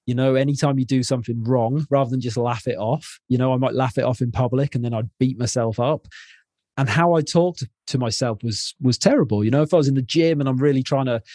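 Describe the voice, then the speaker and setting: A man's voice: medium pitch, a little fast, darkish tone, dry recording, clean studio sound. A man, a podcast guest, frankly telling personal stories in casual interview talk and swearing freely. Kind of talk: candid conversational interview.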